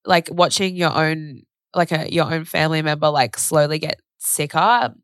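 A young woman candidly telling a personal story in casual conversation, animated and full of "like". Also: sits low, moderate pace, no echo, studio quality. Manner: candid, animated retelling with frequent "like" and swearing.

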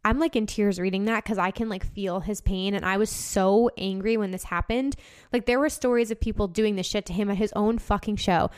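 A woman's voice: mid-range voice, fairly even intonation, brisk, smooth. A woman hosting a casual talk show, speaking passionately, swearing freely and filling her talk with "like". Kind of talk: casual monologue.

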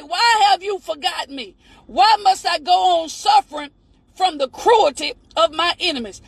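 A woman preacher with a very high voice and a gravelly edge, delivering a fervent sermon. She shouts her points and cries out to God between lines. The sound is dry and close. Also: no room sound, low-quality recording.

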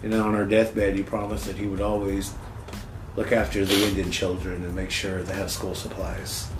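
A man's voice: low-pitched, level tone, moderate pace. A man chatting casually as a podcast co-host, joking and swearing freely. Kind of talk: casual chat. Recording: echoey room with faint music.

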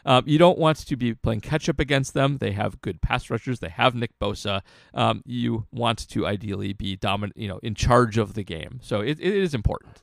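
Gravelly-voiced man breaking down football. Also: on the low side, no room sound, clean studio sound. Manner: analytical, halting with restarts. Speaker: podcast co-host, football analyst. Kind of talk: casual sports podcast talk.

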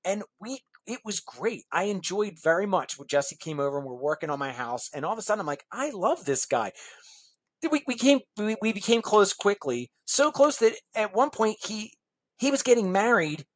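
Husky-voiced man telling a lively story. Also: high voice, normal speed. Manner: lively storyteller acting out other people's lines. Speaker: interview guest, musician. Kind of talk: animated anecdote telling in a podcast interview.

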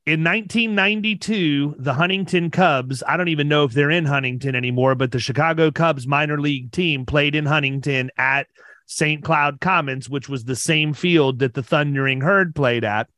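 A fairly high-pitched man of around fifty spins casual stories on a podcast. He talks with lots of energy, doubles back on his words and laughs easily, and his voice sounds dry and close with no room around it. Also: normal speed, sharp tone, dry recording.

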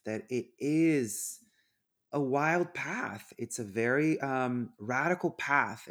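A man hosting a spiritual podcast, speaking in an earnest, effusive way with frequent restarts. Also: mid-range voice. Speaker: podcast host. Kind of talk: warm spiritual podcast chat.

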